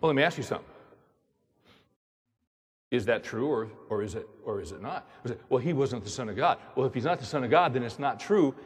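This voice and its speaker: A man's voice: medium pitch, expressive, brisk, pauses often, husky. A man preaching as a pastor, emphatic and repetitive, pressing his listeners with rhetorical questions. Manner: emphatic, repeats words, fires rhetorical questions. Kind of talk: sermon. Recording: long reverb of a large hall.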